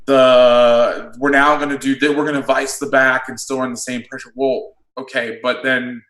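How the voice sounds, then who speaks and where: A man who coaches football, breaking down defensive play calls in a casual chat, blunt and quick to swear. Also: mid-range voice, level tone, a bit bright. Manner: blunt, swears freely, explains plays in detail. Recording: roomy echo.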